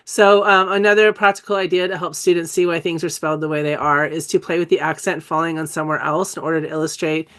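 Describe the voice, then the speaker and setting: A woman's voice: sits low, steady tone, quick pace, few pauses, a bit bright. A middle-aged woman, a dyslexia educator, giving a live teaching webinar in a chatty way, correcting herself often and laughing at her own slips.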